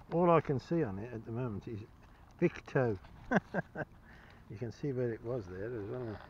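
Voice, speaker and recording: A man's voice: medium pitch, a little mellow, lo-fi sound, a little hiss or hum. A man chatting cheerfully to the camera as he metal-detects outdoors, chuckling and enthusiastic about each find. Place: outdoors in a field.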